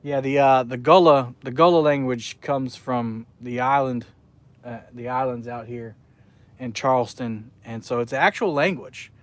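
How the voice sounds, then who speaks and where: A man's voice: medium pitch, measured pace. A man from South Carolina chatting casually with his viewers while out fishing, rambling from one thought to the next. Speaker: fishing live streamer. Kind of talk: casual live stream chat while fishing. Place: outdoors by the water, fishing.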